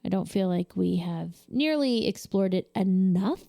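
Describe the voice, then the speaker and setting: A woman's voice: medium pitch, expressive, measured pace, gravelly, warm tone, no echo, studio quality. A woman co-hosting a casual podcast chat, drowsy and laid-back, stifling yawns and swearing casually. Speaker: podcast co-host.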